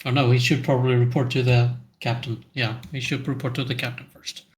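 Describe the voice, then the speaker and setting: A man's voice: mid-range voice, flat delivery, fairly quick. Hesitant man narrating his tabletop character. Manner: hesitant, with frequent fillers. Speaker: player. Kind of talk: casual tabletop game narration.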